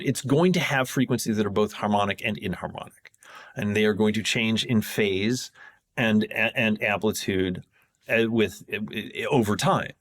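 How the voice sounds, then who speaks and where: Excitable man explaining synth science. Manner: rambling, self-correcting, jumps in pitch when excited. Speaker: podcast guest, sound designer. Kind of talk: casual technical explanation.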